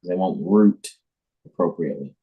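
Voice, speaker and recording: Husky low-voiced man lecturing emphatically. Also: moderate pace, highs cut off. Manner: emphatic, repetitive, lecturing with frequent restarts and chuckles; mimics imagined listeners in high mocking voices. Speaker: spiritual teacher hosting a devotional livestream. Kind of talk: informal spiritual lecture.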